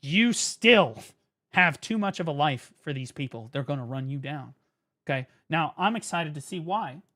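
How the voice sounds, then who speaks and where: A man's voice: fairly high pitch, normal speed. A man streaming, ranting and mocking in a profane comedic style at a desk microphone. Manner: profane, mocking, lively rant.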